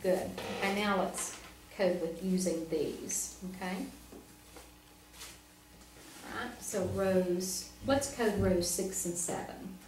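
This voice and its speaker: A woman's voice: mid-range voice, fairly even intonation, slow pace, hardly any pauses. A woman reading teacher tutoring a student one-on-one, patient and encouraging, prompting step by step. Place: classroom. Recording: roomy, from far off, faint noise.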